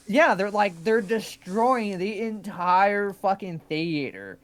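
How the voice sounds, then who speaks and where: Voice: medium pitch, expressive, slow. A co-host chatting casually and swearing often. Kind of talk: casual chat.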